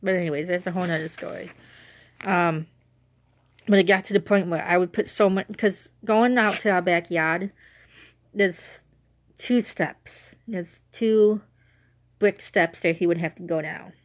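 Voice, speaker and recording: A woman's voice: on the low side, unhurried, pauses often. A young woman talking casually in a rambling, self-correcting way on her vlog, emotional as she remembers her late dog. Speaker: vlogger.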